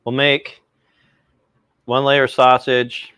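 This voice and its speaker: A man's voice: medium pitch, little pitch movement, very slow, fairly bright tone, clear, resonant tone. A man hosting a casual cooking livestream, chatting and rambling to his viewers while he cooks outdoors. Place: outdoors by a pizza oven.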